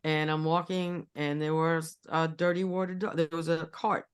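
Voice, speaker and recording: A woman in her sixties co-hosting a casual chat, telling stories in a lively way and often repeating words. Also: low-pitched, moderate pace, smooth. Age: 60s. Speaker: co-host.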